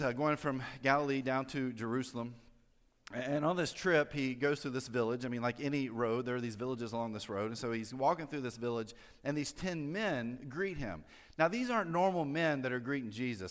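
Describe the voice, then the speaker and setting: A man delivering a sermon in a conversational way, full of fillers and small joking asides. His voice sits at an ordinary pitch and carries a long reverb from the church hall around him. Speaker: pastor. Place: church sanctuary.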